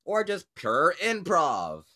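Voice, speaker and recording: A man's voice: a little high, huge pitch swings, slow, bright, forceful tone, slight background noise. A young man hosting a casual, improvised podcast, rambling and joking with lots of giggles. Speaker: podcast host.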